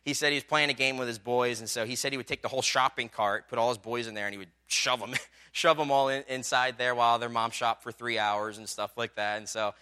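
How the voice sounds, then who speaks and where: Bright, clear-voiced male preacher. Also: medium pitch, fairly even intonation, brisk. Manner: conversational storytelling with many fillers, building to emphatic climaxes. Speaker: pastor. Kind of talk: sermon.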